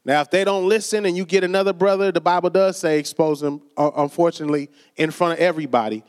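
High-voiced preacher man, reverberant church. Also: fairly even intonation, fast, clean tone. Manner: conversational, calls for amens, acts out quoted voices. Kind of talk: sermon. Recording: long reverb of a church hall.

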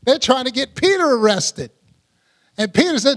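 Male preacher, high-pitched, casual teaching tone, acts out the stories. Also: normal speed, long pauses, a bit bright. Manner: chatty, laughs often, acts out scenes. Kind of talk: conversational Bible teaching.

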